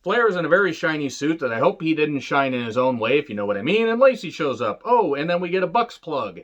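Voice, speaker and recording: A man's voice: fairly high pitch, big pitch swings, fast, dull audio. A man who reviews wrestling shows in a casual, sarcastic way, with a lot of swearing and jokes. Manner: sarcastic, joking, rambling. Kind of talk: casual profane commentary.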